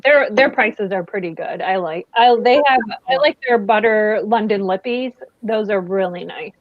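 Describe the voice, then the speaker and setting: A woman's voice: mid-range voice, normal speed, dull audio. A woman co-hosting a casual beauty review, easygoing and agreeable, often chiming in with short replies. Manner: easygoing, agreeable, backchannels a lot. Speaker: beauty channel co-host. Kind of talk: casual chat product review.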